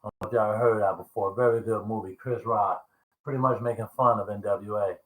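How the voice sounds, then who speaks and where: A man in his fifties tells work stories into his camera in a loose, rambling way, laughing at his own lines and throwing in curse words when he acts out what people said. His voice is bright and forward. The room around him is echoey and hard. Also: fairly low pitch, steady tone, a little fast. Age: 50s. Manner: rambling, laughing, chatty, quotes people with coarse language. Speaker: vlogger. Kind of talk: casual storytelling vlog.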